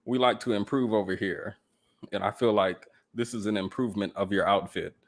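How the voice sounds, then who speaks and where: A man from Georgia speaks with a light Southern accent and a very low voice. He jokes in a dry, deadpan way as a guest on a casual livestream. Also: a little fast.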